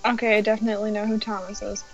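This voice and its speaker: A woman's voice: medium pitch, level tone, rapid-fire, dull audio, soft background music. A woman playing a game alongside a friend, chatting playfully, teasing and laughing. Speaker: co-player. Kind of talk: casual gameplay chat.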